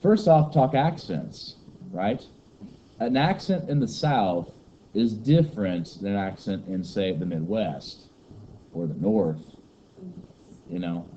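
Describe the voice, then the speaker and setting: A man's voice: fairly low pitch, lively intonation, takes it slowly, long pauses, dark tone. A man from giving a rambling, joking lecture to a class. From Kentucky, USA. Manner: joking, rambling teacher banter. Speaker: teacher. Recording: muffled classroom recording with faint noise.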